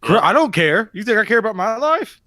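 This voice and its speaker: Profane, joking podcast co-host, thirties, lively voice, dry sound. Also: male voice, sits high, fairly quick, dry recording. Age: 30s. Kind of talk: casual banter.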